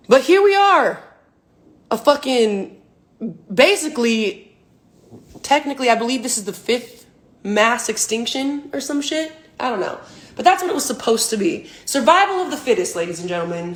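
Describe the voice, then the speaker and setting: A young woman in her twenties with a high voice holds forth on a phone livestream. She rants in a profane, emphatic, preachy way, a professional athlete airing her grievances. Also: expressive, normal speed. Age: 20s. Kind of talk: livestream rant.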